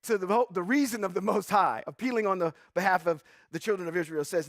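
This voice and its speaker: A man teaching scripture in a sermon style, reading verses slowly and then preaching with rising emphasis, asking the audience questions. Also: sits high, no echo, studio quality. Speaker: Bible teacher.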